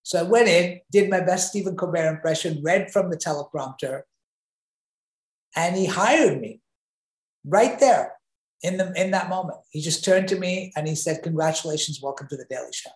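A man being interviewed, telling an animated anecdote with frequent restarts and repeated words. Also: on the high side, moderate pace. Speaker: interview guest. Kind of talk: conversational storytelling. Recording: roomy echo.

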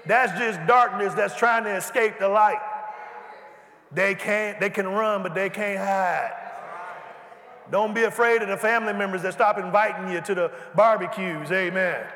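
A man preaching a sermon, calling out to the congregation and building to shouts. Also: high voice, normal speed. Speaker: pastor. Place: large church hall. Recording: echoey church hall.

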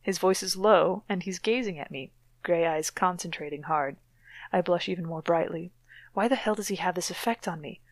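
A woman reads a novel aloud with dramatic flair, then drops into sardonic commentary. Her voice sits on the low side, and the recording is dry and close. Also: normal speed, no echo. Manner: wry, mocking asides. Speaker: podcast co-host reading a novel aloud.

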